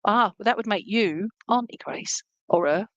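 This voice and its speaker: A woman's voice: mid-range voice, normal speed, fairly bright tone, no echo, muffled recording. A woman giving an online clairvoyant reading as a medium, chatty and reassuring, often checking in with her listener. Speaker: spiritualist medium.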